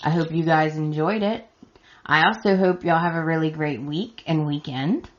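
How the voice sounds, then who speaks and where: A woman hosting a podcast, recapping in an emphatic, exasperated way and talking straight to her listeners, her voice hoarse and scratchy. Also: deep voice, moderate pace, dull audio. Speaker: podcast host. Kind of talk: solo recap commentary.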